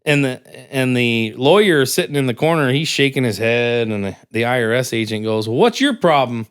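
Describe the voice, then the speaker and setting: A man's voice: normal speed, clear, resonant tone. A young man from California, a podcast guest, telling a long joke and personal stories in casual chat, his voice leaping up when he quotes characters. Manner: animated, jumps high for quoted characters.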